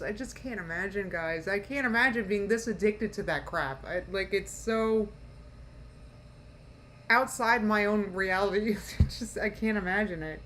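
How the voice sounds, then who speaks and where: A woman's voice: mid-range voice, fairly bright tone. Woman reacting live on stream, snarky and giggly, faint hiss behind her. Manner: mocking, laughs often, talks to chat. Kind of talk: casual live reaction commentary.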